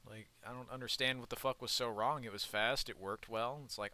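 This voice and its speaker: A man's voice: mid-range voice, steady tone, brisk, pushed and bright. A young man giving rambling, profane let's-play commentary while he plays a game. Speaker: gaming YouTuber.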